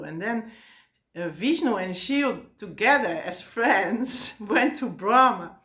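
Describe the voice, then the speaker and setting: A woman retells an old myth in a casual, hesitant way, full of fillers and restarts. Her voice sits at a middle pitch and sounds roomy and echoey. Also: lively intonation, slow pace, a bit bright. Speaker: storyteller. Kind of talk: casual oral storytelling. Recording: roomy echo.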